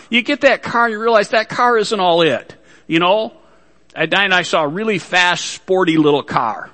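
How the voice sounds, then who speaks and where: Casting note: male pastor, high, bright voice, folksy sermon with jokes, reverb of a large church hall. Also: moderate pace. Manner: folksy, joking asides to the congregation.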